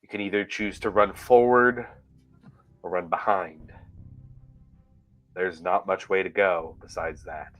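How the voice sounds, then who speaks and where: Deep-voiced man narrating as game master. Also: unhurried, long pauses, faint music behind, rough recording. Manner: steady descriptive narration.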